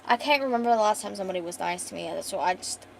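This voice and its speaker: A woman's voice: medium pitch, very fast, gravelly, slight background noise, close to an everyday voice, poor audio. Woman doing a shy, easily embarrassed young woman. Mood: timid. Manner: flustered, stammering quoted lines.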